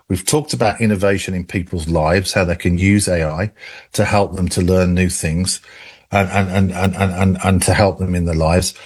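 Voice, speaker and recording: Husky low-voiced English man. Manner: rambling with many restarts and laughs. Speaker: AI expert guest. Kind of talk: radio call-in discussion.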